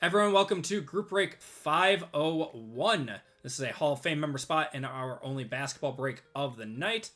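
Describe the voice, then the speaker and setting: A man's voice: fairly high pitch, animated, normal speed, few pauses, a bit bright, faint music behind. A man hosting a live card break stream, chatty and upbeat, reading out names with easy laughs and a slightly strained voice. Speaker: host of a live sports card group break. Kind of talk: casual live-stream chat. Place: at a desk.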